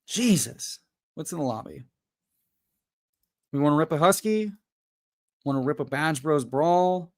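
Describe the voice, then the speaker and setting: A man's voice: fairly high pitch, expressive, a little slow, pauses often. Profane ranting male livestream host. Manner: profane, exasperated ranting, then chatty with viewers. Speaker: fantasy football livestream host. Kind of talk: casual livestream chat and rant.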